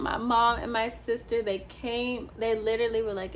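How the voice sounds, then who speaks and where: A woman's voice: on the high side, fairly even intonation, normal speed, few pauses, a little hiss or hum. A young woman, a teacher, telling a personal story in a casual, rambling vlog style, with many fillers and restarts.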